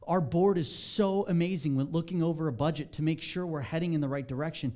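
A male pastor preaching a sermon in a casual, animated way, pushing his voice up when he stresses a point. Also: fairly high pitch, a little fast.

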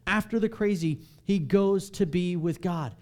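A man's voice: high-pitched, measured pace, a little mellow. A man, a pastor with children, giving a candid, self-deprecating, conversational sermon.

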